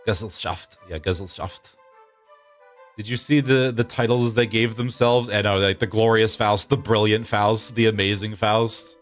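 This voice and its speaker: A man in his thirties with a fairly low voice chats loosely with his viewers during a game stream. He laughs easily and restarts his sentences as he thinks aloud. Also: steady tone, a little slow, faint music behind. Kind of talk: casual gameplay chat with viewers.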